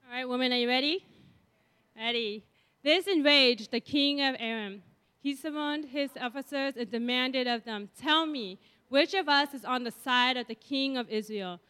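A woman pastor leading a group Bible reading, reading scripture aloud clearly and evenly in a church hall. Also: high-pitched, normal speed, bright, forceful tone. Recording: long hall reverb.

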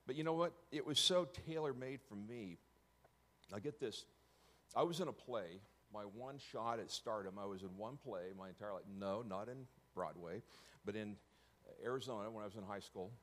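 A man's voice: lowish voice, normal speed, fairly bright tone. A middle-aged man telling his personal story to an audience, often stopping to correct himself and slipping in joking asides.

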